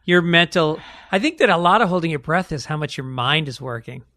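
Lively bright-voiced comedian man. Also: fairly high pitch, dry recording, studio quality. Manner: quick joking, tells stories. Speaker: comedian guest. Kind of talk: casual chat.

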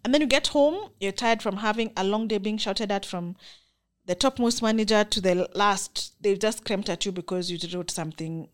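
A woman's voice: medium pitch, moderate pace. A young woman with a Kenyan accent giving an earnest, emphatic, faith-filled personal monologue as a vlogger.

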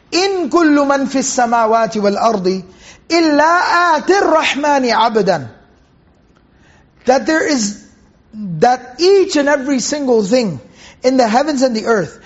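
A man's voice: very high voice, muffled recording. A man giving a Quran commentary lesson, patiently explaining Arabic terms and correcting himself as he goes. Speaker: Quran teacher.

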